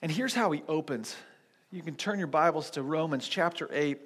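Male pastor, sermon, high voice, animated storytelling, frequent restarts, long hall reverb. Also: moderate pace, slightly rough. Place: church with seated congregation.

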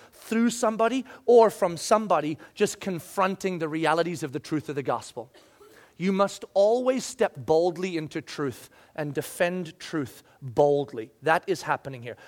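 A male pastor with a high voice preaches an animated sermon. He swings from loud to hushed and drops in humorous asides.

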